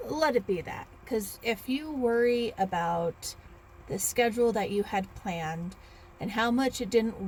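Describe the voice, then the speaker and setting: A woman's voice: medium pitch, darkish tone, slight background noise. A woman in her thirties, chatting casually in a rambling vlog with restarts and sighs. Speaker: author vlogger.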